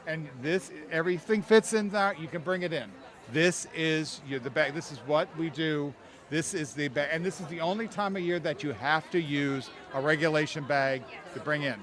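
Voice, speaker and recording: A man talking about merchandise in an outdoor interview at a theme park. He speaks in an excitable, scattered way, repeating himself. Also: a little high, moderate pace, some chatter behind. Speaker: merchandise staff. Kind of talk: casual interview. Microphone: handheld interview mic held close.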